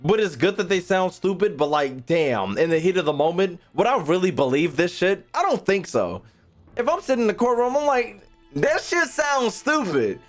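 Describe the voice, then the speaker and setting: A man streaming a video game, reacting in loud, profane, casual commentary. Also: high voice, big pitch swings, normal speed, soft background music. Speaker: gaming streamer. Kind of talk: casual let's-play commentary.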